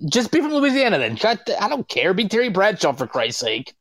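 A high-voiced man co-hosting a podcast, trading wisecracks in a mock-exasperated tone. His pitch swings widely as he talks. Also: huge pitch swings, a little fast, fairly bright tone. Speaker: podcast co-host. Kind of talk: casual chat.

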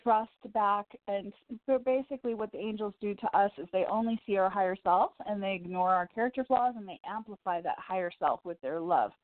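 A woman's voice: mid-range voice, brisk, few pauses, dry recording. A woman hosting a call-in radio show, giving encouraging angel card readings to callers in a chatty, reassuring way. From Chicago. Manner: warm encouraging, chatty with laughs. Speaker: radio psychic reader and host. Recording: tinny phone-line sound, dry.

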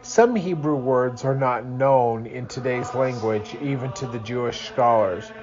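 A man's voice: mid-range voice, a little slow, muffled recording. A young man reading a religious book aloud at home in the early morning, tired and yawning, drifting into rambling asides. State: sleepy.

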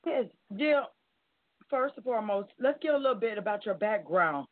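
A man's voice: high voice, animated, moderate pace, no echo. Man host on a tinny phone line. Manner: conversational, loose phrasing. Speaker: radio show host. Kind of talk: interview questions.

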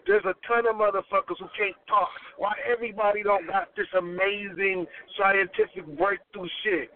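A man's voice: high-pitched, steady tone, normal speed. A man hosting a podcast, chatting casually with a profane, rambling, laid-back delivery over a tinny, phone-like line. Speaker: podcast host. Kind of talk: casual chat.

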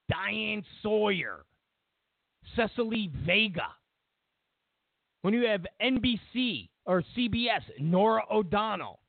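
A man hosting a political talk show, his high voice gravelly and swinging widely in pitch as he hammers home points in repeated lists with sarcastic asides. He speaks slowly and deliberately. The sound is tinny and phone-like. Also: dry recording. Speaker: political commentary host. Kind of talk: opinionated political monologue.

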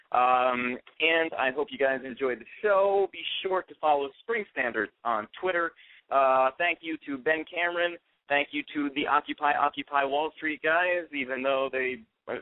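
A man's voice: medium pitch, dry recording. A man hosts a radio talk show in a loose, playful way, joking with his guest and running through announcements. His voice is thin and phone-like. It is dry, with no room sound. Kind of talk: casual radio hosting. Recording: tinny phone-like line, dry.

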